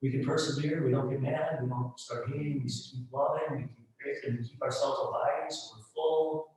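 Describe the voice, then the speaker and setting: A man's voice: mid-range voice, steady tone, a little fast. Echoey, frank male pastor preaching. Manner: conversational and frank, swinging from soft asides to loud emphatic peaks. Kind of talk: sermon. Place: church sanctuary. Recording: roomy echo, mic at a distance.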